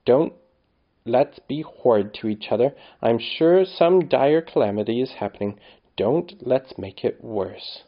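An earnest, gentle young girl, read by a male storyteller, speaking softly and seriously. The sound is a little dull and lo-fi. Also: medium pitch, animated, a little slow. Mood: pleading.

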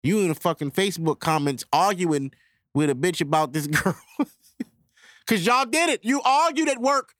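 Profane, animated man ranting on a podcast. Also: sits high, normal speed, background noise. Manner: profane, animated, talks straight to listeners. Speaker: podcast host. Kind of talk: casual solo podcast rant.

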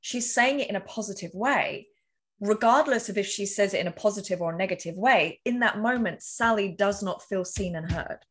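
A woman's voice: mid-range voice, normal speed, a bit bright. A woman as an interview guest, talking earnestly and casually, walking through examples, with the odd swear word. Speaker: podcast guest.

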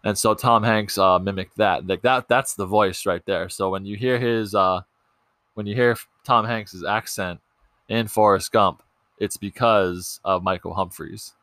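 A man's voice: lowish voice, steady tone, measured pace, fairly bright tone, dry recording. A young man hosting a casual movie podcast, chatty and loose, with lots of ums and restarts. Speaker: podcast host.

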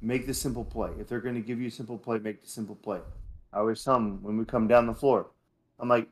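Male co-host, average pitch, lively and emphatic in casual talk. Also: fairly quick. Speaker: podcast co-host, youth basketball coach. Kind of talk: casual chat.

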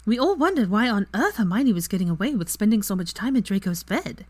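Pansy, a woman voicing a calm knowing witch. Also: mid-range voice, fairly quick, no room sound, voice pushed up. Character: calm, knowing young witch, dryly teasing.

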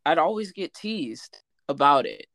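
A woman chatting casually as a guest, relaxed and conversational, often asking "you know what I'm saying". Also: sits low, a little slow, dry recording, clean studio sound. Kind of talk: casual chat.

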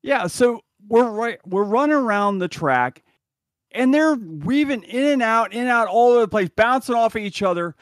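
A man hosting a podcast, telling a lively story in casual chat and laughing as he talks. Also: extremely high pitch, normal speed, dry recording, studio quality. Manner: animated storyteller, laughs while talking. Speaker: podcast host.

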